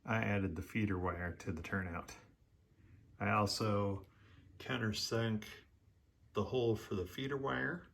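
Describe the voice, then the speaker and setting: A man with a fairly low voice talks his way through hands-on work at his model railroad layout, relaxed and a little out of breath. He was recorded on a phone in his hobby room, with clear background noise. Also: measured pace, pauses often. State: breathing hard. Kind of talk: casual hands-on narration.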